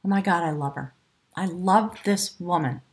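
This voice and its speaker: A woman giving a spiritual tarot reading to camera, effusive and emotional, often dropping her voice to a hushed whisper. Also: on the low side, normal speed. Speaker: tarot reader.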